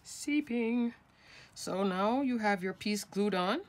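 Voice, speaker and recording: A woman hosts a craft tutorial, chatting casually and instructively as she works through each step with her hands. Her voice is medium-pitched and a little slow.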